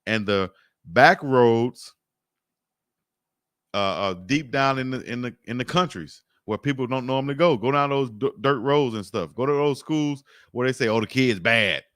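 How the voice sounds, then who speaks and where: A relaxed man from Alabama talks sports like he's hanging out with friends, joking and circling back on his words. His voice sits in an ordinary middle register. The sound is dry and close, with no room around it. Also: medium pitch, normal speed, dry recording. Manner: laid-back, joking, chuckles often, repeats himself. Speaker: sports talk host. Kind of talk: casual livestream chat reading comments.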